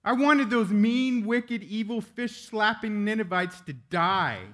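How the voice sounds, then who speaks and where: A man voicing an angry, sulking male prophet in a high, drawn-out, petulant whine. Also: a bit bright. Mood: furious whining.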